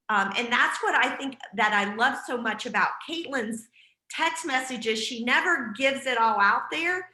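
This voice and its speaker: A woman's voice: on the high side, pushed and bright, roomy sound, low-quality recording. A woman leading a team video call, speaking in an encouraging, casual way with frequent fillers. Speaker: team leader hosting a group call. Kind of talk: casual group call talk.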